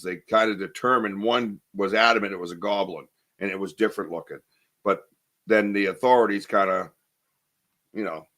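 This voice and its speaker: A man's voice: fairly low pitch, fairly bright tone. A man hosting a casual live podcast, rambling and chatty as he reads viewer comments aloud, with lots of ums and restarts. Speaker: podcast host.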